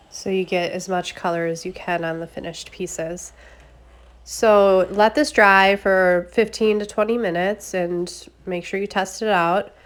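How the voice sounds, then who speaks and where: A woman with a stuffy, congested voice from a cold, giving a relaxed, chatty craft tutorial with step-by-step explanations. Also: mid-range voice. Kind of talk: casual step-by-step tutorial narration.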